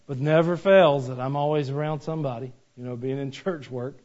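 A man preaching a sermon, animated and joking, with rhetorical questions to the congregation. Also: mid-range voice, brisk, few pauses. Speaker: pastor. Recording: dull lo-fi recording.

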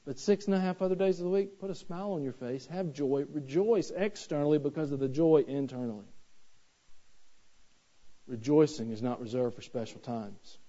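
Pastor in his thirties, raised pitch and warm, relaxed tone, casual and humorous from the pulpit, muffled church recording. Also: moderate pace. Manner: folksy, conversational preaching with humor. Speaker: preacher. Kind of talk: sermon. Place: church sanctuary.

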